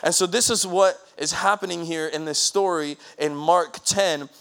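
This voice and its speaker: A pastor preaching an energetic sermon, often calling out questions to the congregation. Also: male voice, on the high side, normal speed. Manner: frequent restarts.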